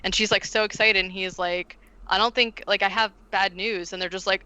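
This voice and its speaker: A woman on a podcast retells a movie in a lively, chatty way, peppering every sentence with "like" and slipping into the characters' lines. Her voice is bright and crisp. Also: medium pitch, normal speed, no echo, low-quality recording. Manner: animated, heavy use of "like", acts out quotes. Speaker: podcast co-host recapping a film. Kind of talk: casual chat.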